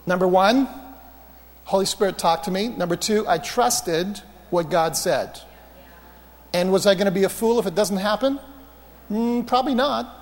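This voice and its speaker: Male preacher, high voice, storytelling sermon, long hall reverb, animated anecdotes. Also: normal speed. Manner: anecdotal, animated, self-mocking humor.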